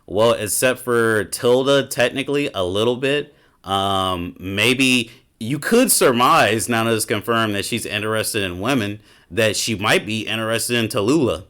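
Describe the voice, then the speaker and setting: A man's voice: fairly low pitch, measured pace, a bit bright. A man doing a casual reaction commentary as a gaming YouTuber, ranting and swearing in an exasperated way.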